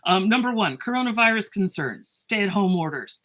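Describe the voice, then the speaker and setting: Excitable woman teacher, bright voice. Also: medium pitch, moderate pace. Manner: excitable, animated, laughing often, self-interrupting. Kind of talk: casual lecture video to students. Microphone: phone.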